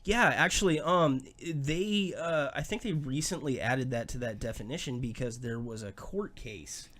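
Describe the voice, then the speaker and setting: A man hosting a podcast in casual chat, cracking dark deadpan jokes. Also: medium pitch, normal speed. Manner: joking, dark deadpan humor. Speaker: podcast host.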